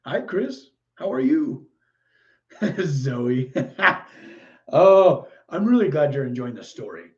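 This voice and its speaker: Male streamer, mellow voice, easygoing viewer chat, quick to exclaim, dull lo-fi sound. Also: on the high side, sing-song. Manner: chatty and easily delighted, frequent exclamations and laughs. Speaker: livestream host. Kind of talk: casual live chat reading viewer comments. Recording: muffled lo-fi stream audio.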